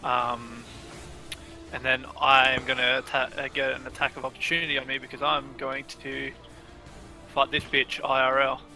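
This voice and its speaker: A man's voice: mid-range voice, level tone, moderate pace, creaky, pushed and bright, soft background music. A man playing his character at a casual tabletop game, talking eagerly about his moves. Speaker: player.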